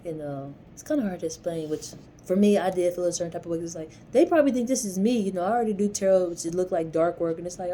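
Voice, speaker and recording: A woman's voice: fairly low pitch, expressive, fast talker, few pauses, warm tone, slight background noise. A young woman telling a personal story in a rambling, casual vlog style, dropping slang like "yo" as she goes. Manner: rambling, conversational, slangy with frequent "yo". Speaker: vlogger.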